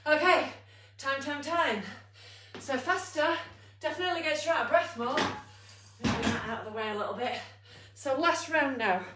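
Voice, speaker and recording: Woman fitness coach, high bright voice, slow and out of breath, roomy echo from a distance. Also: animated, slight background noise. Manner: upbeat coaching, counting down, laughing at herself. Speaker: fitness instructor. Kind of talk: live online exercise class.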